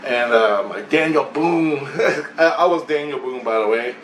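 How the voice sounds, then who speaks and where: This male vlogger, medium in pitch and somewhat bright, tells a long dream story at a measured pace. He rambles and swears, laughing between phrases, and the recording is distant, echoey and faintly hissy.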